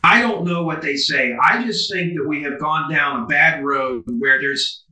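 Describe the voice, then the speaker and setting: A man's voice: on the high side, a little slow, pushed and bright. A man being interviewed as a business coach over a video call, talking emphatically and animatedly. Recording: roomy, distant video call audio.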